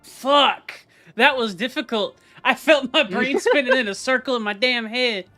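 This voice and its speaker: A woman's voice: on the high side, measured pace, bright, forceful tone, soft background music. A woman chatting casually as a player in a tabletop game, swearing offhandedly. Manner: casual, swears, laughs easily. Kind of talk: casual chat.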